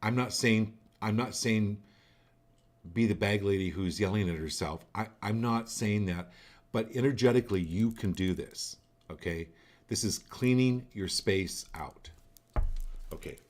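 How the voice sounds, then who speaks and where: Man, very low voice, psychic host, blunt coaching tone, repeats himself for emphasis. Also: a little slow, a little mellow. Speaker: psychic card reader hosting a live show. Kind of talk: live-stream card reading.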